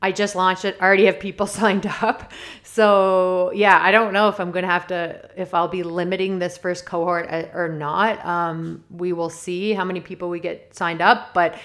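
Woman, podcast host, lowish voice, bubbly and self-deprecating, rambles and giggles. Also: level tone, normal speed, fairly bright tone. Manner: chatty and self-deprecating, laughs often and digresses; enthusiastic and upbeat. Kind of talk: casual solo podcast monologue.

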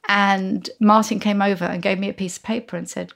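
A woman in her sixties tells an animated story as an interview guest, slipping into the voices of the people she describes. Her voice has a gravelly, creaky edge at a mid pitch. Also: brisk.

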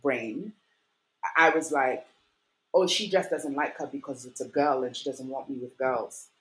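A young woman with a low-pitched voice recounts her own story in a relaxed interview. She talks in an animated way, slipping into the voices of the people she quotes and leaning on casual fillers as she goes. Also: a little slow, rough recording. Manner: animated, acts out quoted voices, many fillers like "like" and "you know". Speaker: guest. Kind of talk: personal storytelling in conversation.

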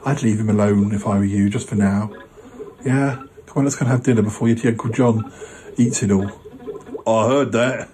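A man's voice: on the low side, fairly even intonation, moderate pace, warm tone, a little hiss or hum, rough recording. A man hosting a comedy podcast, talking hesitantly with many stammered restarts. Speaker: podcast host. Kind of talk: comic skit chat.

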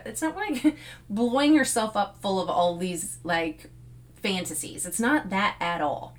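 A woman's voice: medium pitch, animated, unhurried. Middle-aged woman podcaster, chatty, laughs a lot, lots of "like" and "you know". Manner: chatty, laughs often, frequent fillers. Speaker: podcast host. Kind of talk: casual motivational talk.

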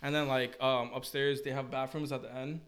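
A man's voice: mid-range voice, brisk. A young man co-hosting a podcast, telling concert stories in slangy, laughing casual chat. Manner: slangy, laughing, animated storytelling. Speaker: podcast co-host.

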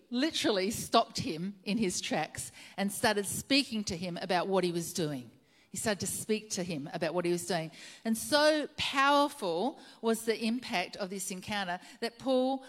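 Earnest woman preaching a sermon. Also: medium pitch. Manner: earnest storytelling, repeats key phrases for emphasis.

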